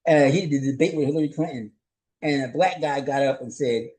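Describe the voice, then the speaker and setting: A man's voice: medium pitch, fairly quick, darkish tone, rough recording. A male host and journalist giving a solo commentary recap. He speaks conversationally and rhetorically, keeps asking "right?", and chuckles often.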